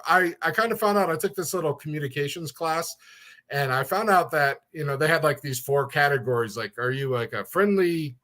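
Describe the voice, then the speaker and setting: A man's voice: on the high side, pushed and bright. A man who is a guest on a casual podcast, chatty and self-deprecating, laughing often.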